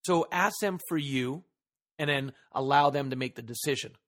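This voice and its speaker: At a moderate pace and medium pitch, this podcast host's fairly bright voice drives his solo motivational show. He talks earnestly into the mic, hitting key words hard and posing rhetorical questions to listeners.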